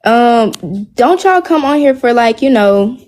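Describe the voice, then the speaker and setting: A woman's voice: fairly high pitch, animated, unhurried, darkish tone. A young woman from Florida, calling in to a livestream, blunt and teasing. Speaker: caller. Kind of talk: casual call-in chat.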